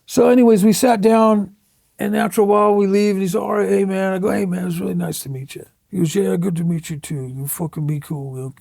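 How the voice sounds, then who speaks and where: Brief: middle-aged male tattoo artist, high gravelly voice, swearing storyteller, close dry sound. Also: steady tone, fast, dark tone, no room sound. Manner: profane, blunt storytelling with acted-out quotes. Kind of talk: casual storytelling interview.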